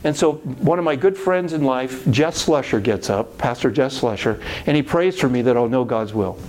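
Here a middle-aged man who serves as a pastor shares a faith story from his life with energy, voicing each quoted speaker. His voice is mid-range and his pace is normal.

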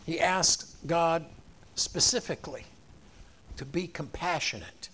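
A man preaching a sermon in an animated way, acting out the voices of the people in the story. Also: on the high side, takes it slowly, slight background noise. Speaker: pastor.

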